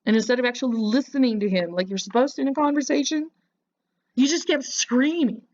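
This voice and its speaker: A woman's voice: high voice, brisk, darkish tone, dull audio. A woman giving casual reaction commentary, mocking and lecturing the person in a clip.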